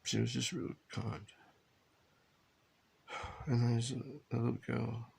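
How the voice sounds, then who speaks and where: A father telling a tender family story in a halting, rambling way, recorded in an airplane cabin. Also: mid-range voice, flat delivery, vocal fry, a little mellow, breathy edge. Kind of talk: rambling personal video diary.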